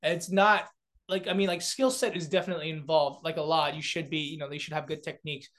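A man's voice: a little high, steady tone, fast, a bit bright. A young man from South Korea, a comedian and beatboxer, chatting as a guest with lots of fillers, restarts and laughter. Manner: rambling, many filler words and restarts, laughs often. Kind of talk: casual interview chat.

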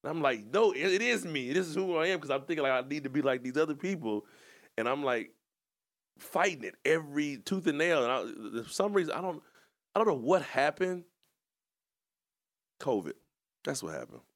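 A man's voice: medium pitch, animated, normal speed, long pauses. A man co-hosting a podcast, telling his story in a casual, rambling, reflective way. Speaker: podcast co-host and coach.

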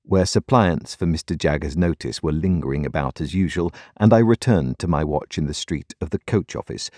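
A man narrating a classic novel in measured, expressive storytelling. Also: rumbling low, no echo, studio quality. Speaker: audiobook narrator. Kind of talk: scripted narration.

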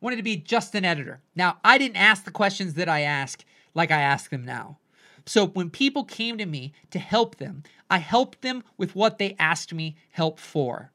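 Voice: mid-range voice, lively intonation, normal speed, sharp tone. A podcast host and coach talking animatedly in a solo monologue, often dropping into quoted voices and asking "right?".

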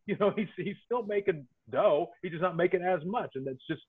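Podcast co-host, man, husky, slightly high voice, tinny phone-like sound, swears a lot while he rants. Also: brisk, hardly any pauses. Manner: profane, laid-back griping. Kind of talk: casual ranting chat.

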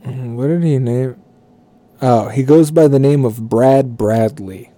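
A man's voice: medium pitch, measured pace, warm tone. A man telling a profane work story casually, rambling and correcting himself as he goes. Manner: rambling, swearing, self-correcting.

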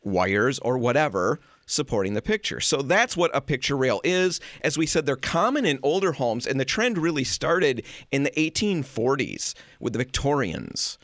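A man in his forties co-hosting a casual home-design chat, animated and self-deprecating, often laughing at himself. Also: medium pitch, moderate pace, few pauses, dry recording. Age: 40s. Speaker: podcast co-host.

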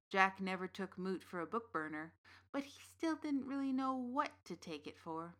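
A woman's voice: mid-range voice, lively intonation, moderate pace, fairly bright tone. Woman narrating a fantasy story.

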